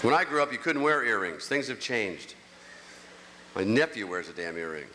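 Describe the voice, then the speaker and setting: A man in his sixties doing a stand-up comedy routine on a theater stage, ranting animatedly and swinging between grumbling and squeaky outbursts. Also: animated, normal speed. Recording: echoey hall, clear crowd noise. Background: audience.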